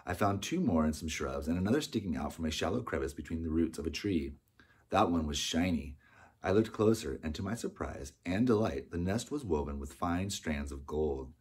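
An audiobook narrator with a very deep, slightly husky voice reads a storybook in a steady, unhurried manner. The scripted narration keeps an even storytelling tone.

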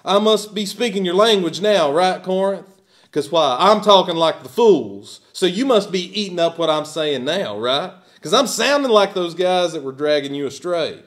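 A man's voice: high voice, animated, moderate pace. A man preaching a sermon as pastor, emphatic and at times sarcastic.

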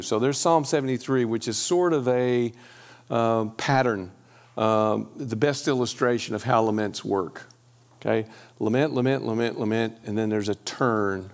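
A man's voice: fairly low pitch, unhurried. Man preaching a conversational sermon. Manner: reads scripture aloud, then breaks off to explain it; conversational, with restarts and "okay?" asides to the congregation. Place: church.

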